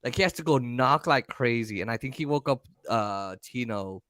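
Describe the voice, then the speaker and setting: A man co-hosting a podcast, telling stories in a casual, profane, animated way. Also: mid-range voice, moderate pace, no room sound, clean studio sound. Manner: animated, profane, acts out voices. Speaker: podcast co-host. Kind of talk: casual storytelling chat.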